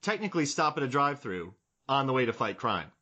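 A man in his forties hosts a casual podcast conversation, drifting from one comic bit to the next. His voice sits at an ordinary middle pitch, and he jokes his way through long, rambling thoughts. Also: very animated, quick pace, sharp tone. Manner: joking, rambling, fond of bits. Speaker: podcast host.

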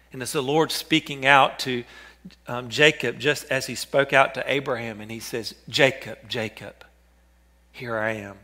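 A man preaching a sermon, earnest, repeating names and phrases and dropping to a hush for quoted words. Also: mid-range voice. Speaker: pastor.

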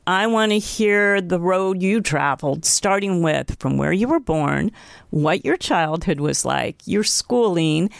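A woman's voice: on the low side, vocal fry, no echo, studio quality. A woman hosting an interview show, reading the guest's introduction and reacting chattily. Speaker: talk show host.

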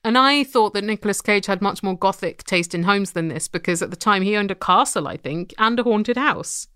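A woman's voice: mid-range voice, fairly quick, fairly bright tone, smooth, dry recording. A woman co-hosting a podcast, recapping a TV episode in casual chat with dry, wry humor. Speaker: podcast co-host.

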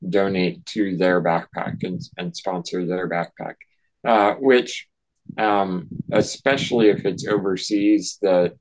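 A man speaking as a podcast guest, talking in a slow, thoughtful way with many ums and restarts. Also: sits low, muffled recording. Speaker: podcast guest, nonprofit founder. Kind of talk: casual interview talk.

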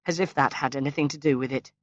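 A frail elderly mother who keeps her tone bright and brisk, as a male narrator puts her on. The voice sits noticeably higher than the reader's own. The recording is dull, lo-fi and very dry. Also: expressive, no echo.

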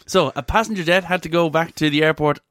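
Man, sweary banter, fairly high voice, dry close sound. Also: quick pace, fairly bright tone, dry recording. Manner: sweary, laughing, reads news aloud. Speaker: podcast co-host. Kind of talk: casual comedic chat.

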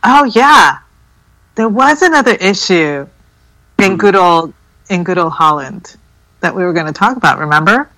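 Bright, blunt woman co-host. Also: on the low side, expressive, moderate pace, pauses often, rough recording. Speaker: podcast co-host. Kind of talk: casual chat.

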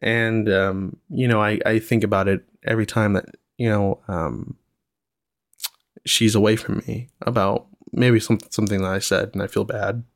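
Man, gravelly low voice, dry close sound, relaxed reflective podcast talk, lots of fillers. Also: normal speed, no room sound. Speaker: podcast host, single father. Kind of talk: casual solo podcast talk.

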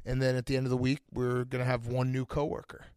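A man's voice: medium pitch, completely flat delivery, quick pace, darkish tone, smooth, no room sound, studio quality. A man hosting a podcast, joking and laughing in casual banter with his cohosts and a guest. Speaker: podcast host.

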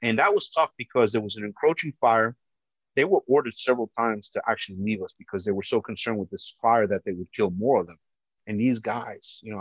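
A man, a police officer, telling his own story as personal testimony in an earnest, halting way with many restarts. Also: mid-range voice, slightly rough, no echo. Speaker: police officer recounting a rescue. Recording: dull lo-fi dry sound.

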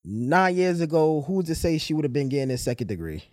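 Acting out each character's lines, a young man tells an animated story during a casual chat on his podcast. He speaks fairly quickly in a slightly high voice, captured with clean, echo-free studio sound.

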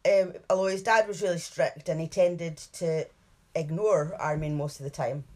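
A woman's voice: low voice, steady tone, normal speed, a little mellow. A woman co-hosting a podcast, chatting casually and narrating a case, laughing often and hedging over details. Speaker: true crime podcast co-host.

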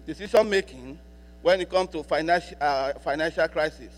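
A man preaching a sermon as a pastor, repeating key lines for emphasis and slowing down to read scripture. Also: a little high. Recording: long hall reverb with mains hum.

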